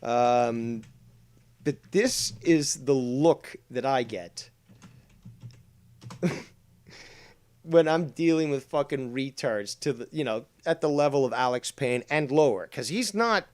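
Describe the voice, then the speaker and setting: A man with a medium-pitched voice delivers crude commentary on clips. He swears freely and turns blunt. His loudness swings between shouted outbursts and low asides. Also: lively intonation, slow pace, long pauses.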